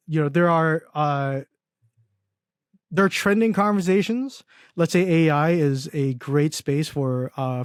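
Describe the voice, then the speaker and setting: A man's voice: a little high, dry recording. A young man chats as a podcast guest, his slightly raised voice tumbling through ums, false starts and self-amused asides. The sound is dry and close, with no room around it. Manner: rambling, many fillers and restarts, laughs at own stories. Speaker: podcast guest, agency founder. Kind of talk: casual interview chat.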